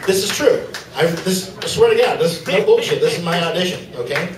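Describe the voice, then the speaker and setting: Rambling stand-up comic in an echoey club. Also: male voice, sits high, expressive, brisk, far from the mic, background noise. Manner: loose, rambling delivery with many fillers. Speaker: stand-up comedian. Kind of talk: stand-up set. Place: comedy club stage.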